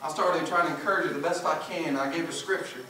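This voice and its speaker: A man preaching a sermon, emphatic, swinging between loud peaks and hushed low passages. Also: fairly even intonation, fast. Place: church sanctuary. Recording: echoey church from far off, noisy.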